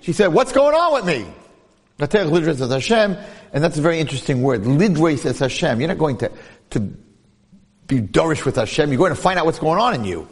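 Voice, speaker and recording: Animated rabbi in an echoing hall. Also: male voice, on the high side, moderate pace, slightly rough. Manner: lively, rhetorical questions, acts out quoted voices. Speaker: rabbi giving a Torah class. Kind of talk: animated Torah lecture with storytelling. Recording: long hall reverb.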